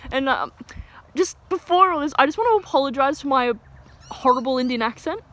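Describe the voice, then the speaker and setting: A woman's voice: high voice, lively intonation, brisk, a bit bright. A young woman telling a casual, rambling workplace story with many fillers. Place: outdoors. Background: birds, outdoor ambience.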